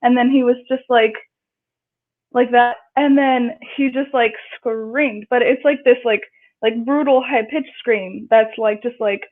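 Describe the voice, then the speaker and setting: A woman's voice: fairly high pitch, steady tone, measured pace. A woman guest telling a personal story in casual chat, acting out what people said in raised voices. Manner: chatty, acts out quotes in raised voices. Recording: tinny phone-line audio.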